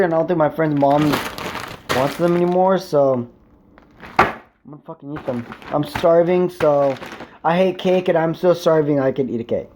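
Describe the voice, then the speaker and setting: In a casual vlog, a young man rambles through a story to the camera, swearing a lot and using many filler words. His voice is a little high, with background noise behind it.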